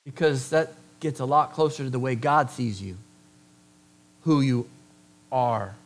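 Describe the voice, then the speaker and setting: A man preaching a sermon, speaking conversationally with joking asides and slowing down to stress key words. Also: medium pitch. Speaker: pastor.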